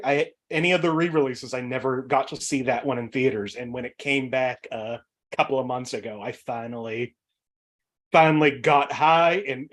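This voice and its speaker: A man with a Boston accent and a voice on the high side hosts a comedic trivia game show over a video call, rambling along with plenty of fillers and frequent laughter.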